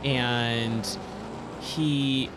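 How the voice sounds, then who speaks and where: Casting: a thirtyish male streamer, mid-pitched and unhurried, who rambles and corrects himself over game noise. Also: fairly even intonation. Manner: rambling, with frequent fillers and self-corrections. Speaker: gaming streamer. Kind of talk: casual storytelling while gaming. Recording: loud racing game sounds underneath.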